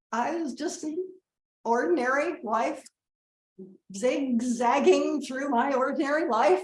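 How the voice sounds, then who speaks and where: A woman's voice: high voice, darkish tone. An actress playing a rambling middle-aged mother giving a wedding toast, who keeps breaking off to scold and coax her family. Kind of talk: comedic monologue. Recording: roomy echo.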